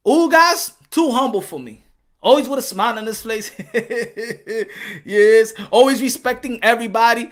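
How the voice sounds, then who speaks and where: A man giving an animated, profane boxing commentary rant, with hype-man shouting bursts and a lot of laughter. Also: very high voice, a little slow. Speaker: boxing vlogger.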